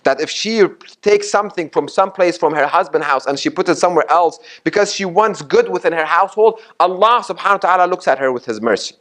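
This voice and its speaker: A man's voice: high voice, animated, fast talker, hardly any pauses, fairly bright tone. A sheikh preaching a Ramadan sermon in a community mosque hall. He makes his points emphatically and repeats them, asks the audience questions, and recites Arabic sayings before he explains them. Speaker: sheikh giving a Ramadan lecture.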